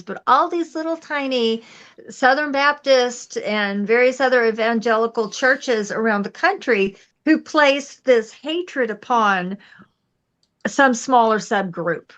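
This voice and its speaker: A woman's voice: a little high, unhurried, a bit bright. Woman podcast co-host on a muffled line. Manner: earnest storytelling, conversational. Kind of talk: casual political chat.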